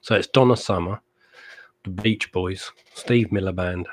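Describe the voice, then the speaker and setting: A man with a fairly low voice and a dry, close sound co-hosts a casual live stream. He talks eagerly about old records and laughs easily, keeping the chat loose and jokey. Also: fairly even intonation, measured pace, no echo. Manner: chatty and enthusiastic, rambles about old albums. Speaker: co-host of a live music chat show.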